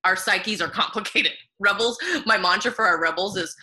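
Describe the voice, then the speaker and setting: A woman nutritionist talking in a casual interview, bubbly and animated, laughing often between thoughts. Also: medium pitch, moderate pace.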